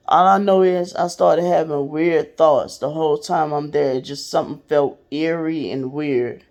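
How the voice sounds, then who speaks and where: A woman's voice: sits low, steady tone, a little slow, hardly any pauses, a little mellow. A woman hosting a podcast, telling a personal story in a candid, profane, casual way and speaking straight to her listeners. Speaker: podcast host.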